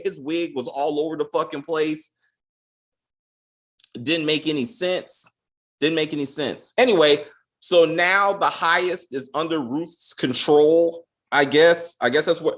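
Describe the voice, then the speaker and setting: A man's voice: fairly high pitch, a bit bright. A man hosting a casual spoiler review of a TV episode, ranting in a profane, exasperated way. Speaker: TV show reviewer.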